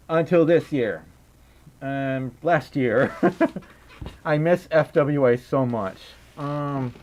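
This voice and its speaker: A tired man chatting casually on a livestream, reading out donations, rambling and giggling often. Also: on the high side.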